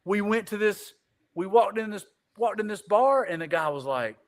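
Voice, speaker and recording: A man's voice: high-pitched, expressive, normal speed. A man telling a long casual story as a podcast guest, rambling and repeating "I said," swearing casually. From Greenville.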